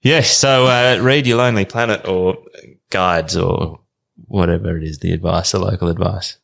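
Australian man in his 30s, deep, relaxed yarn-spinning guest. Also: moderate pace, gravelly. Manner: animated, colloquial yarn-spinner. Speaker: podcast guest. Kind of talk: casual storytelling.

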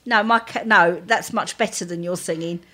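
A woman co-hosting a casual chat, trading quick, teasing banter. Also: on the low side, fairly bright tone. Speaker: co-host.

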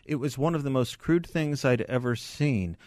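Droge stem van een mannelijke radiopresentator. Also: male voice, medium pitch, moderate pace, darkish tone, dry recording, clean studio sound. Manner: conversational, frequent affirming interjections. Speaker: radio talk show host. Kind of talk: talk radio interview.

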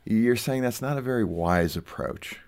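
A man's voice: mid-range voice, expressive, normal speed, gravelly, a little mellow. A man hosting a conversation, asking his guests questions and laughing along. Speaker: radio host. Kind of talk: interview conversation.

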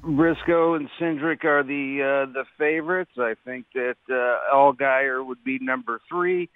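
A man's voice: medium pitch, a little slow, no echo, narrow, tinny audio. A man co-hosting a sports radio show, asking questions and giving picks casually. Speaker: radio co-host.

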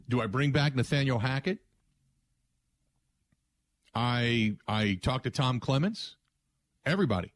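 A man's voice: mid-range voice, dry recording. A man hosting a sports talk radio show, giving an emphatic, rambling opinion monologue with frequent restarts. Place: radio studio.

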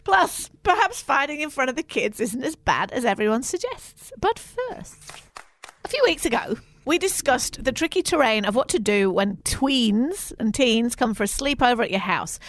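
A woman's voice: on the high side, big pitch swings, moderate pace. A middle-aged woman from the north of England, co-hosting a casual parenting podcast, laughing often and telling stories animatedly. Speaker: podcast co-host.

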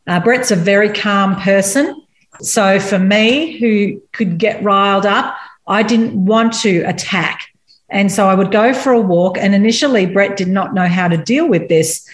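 A woman's voice: medium pitch, unhurried. A woman speaking on marriage from a Christian view, earnest and candid as she tells stories from her own marriage. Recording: roomy echo.

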